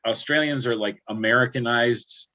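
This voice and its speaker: A man's voice: medium pitch, fairly even intonation, normal speed, bright, forceful tone. A man from upstate New York chatting casually on a livestream, rambling and restarting his words often. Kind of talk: casual chat.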